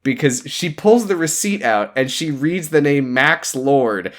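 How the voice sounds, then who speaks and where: A man co-hosting a casual movie podcast, talking in an animated, incredulous way and swearing freely. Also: a little high, measured pace. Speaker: podcast co-host.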